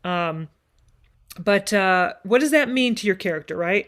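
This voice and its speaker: A woman's voice: mid-range voice, animated, unhurried. Woman coaching singers in a masterclass. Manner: encouraging, demonstrative, speaks lines of text with dramatic reading. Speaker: voice teacher leading a masterclass.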